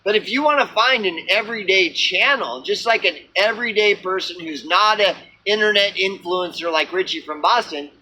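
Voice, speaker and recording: Man, high-pitched, bright tense voice, rambling profane vlog rant, lots of uhs and restarts. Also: moderate pace, hardly any pauses, a little hiss or hum, rough recording. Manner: profane, repetitive, many fillers and restarts. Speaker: small channel vlogger. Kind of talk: rambling unscripted rant to camera.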